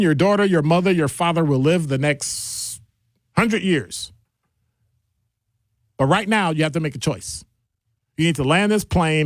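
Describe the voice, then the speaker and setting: A middle-aged man hosting a call-in radio show, his voice swooping widely as he rambles from point to point. He sits a little high for a man, and the studio sound is close and dry. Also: dry recording. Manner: animated, digressive, jumps between deep and high voices. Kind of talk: casual call-in radio talk. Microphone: studio microphone.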